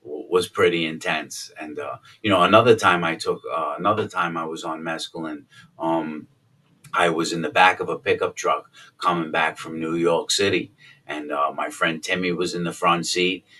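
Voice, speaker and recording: A man's voice: low voice, steady tone, normal speed, far from the mic. A man telling his own life story in a casual, rambling way, full of fillers and restarts, sometimes acting out what people said. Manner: rambling, lots of fillers and restarts, acts out quotes loudly.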